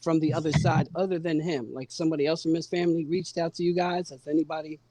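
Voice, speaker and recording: A man's voice: fairly high pitch, steady tone, fast talker, mellow, no echo. A man conducting an interview, emphatic and repetitive, with frequent affirmations.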